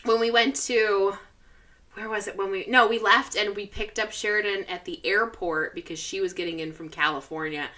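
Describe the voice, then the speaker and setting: A woman's voice: medium pitch, steady tone, normal speed, sharp tone. A young woman co-hosting a podcast, telling a story in casual chat with many restarts and fillers. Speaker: podcast co-host.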